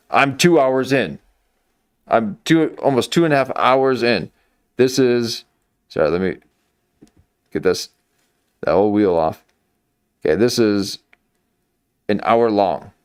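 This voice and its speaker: A man's voice: medium pitch, animated, slow, pauses often, smooth, dry recording, studio quality. A man giving rambling, mocking live-stream commentary into a desk microphone. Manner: mocking, meandering, full of restarts.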